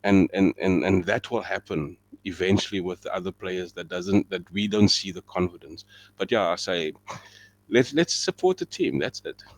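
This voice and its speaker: A man with a deep voice in a casual football chat, earnest and supportive. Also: normal speed. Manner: earnest, supportive, laughs easily. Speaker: podcast guest.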